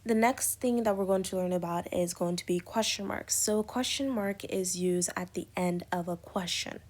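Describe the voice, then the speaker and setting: This woman's voice is on the low side with a darkish tone, and she talks at a normal speed. She's teaching English in a recorded lecture, taking punctuation step by step with lots of spoken examples and fillers.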